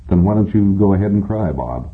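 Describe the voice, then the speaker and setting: A man reading an audiobook, voicing a gentle, patient male robot psychoanalyst who speaks calmly and softly. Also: low voice, a little fast. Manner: calm, soft-spoken, probing. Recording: tinny phone-like sound.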